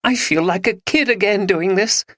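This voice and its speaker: A woman's voice: mid-range voice, moderate pace, dry recording, clean studio sound, pitched above the performer's own voice, lightly acted. A man reading an audiobook, voicing a playful young woman who giggles. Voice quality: giggly, bright.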